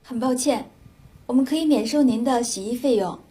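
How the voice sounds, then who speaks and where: Woman voicing a polite hotel manager, high mellow voice, apologetic, textbook dialogue. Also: brisk, close to an everyday voice. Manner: courteous and apologetic. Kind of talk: scripted dialogue for language learners.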